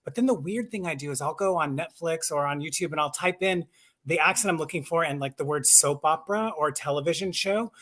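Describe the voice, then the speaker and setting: A man's voice: a little high, fairly quick, a bit bright. A voice actor and audiobook narrator chatting casually and enthusiastically, laughing at himself as he explains his craft. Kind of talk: casual chat on a live stream.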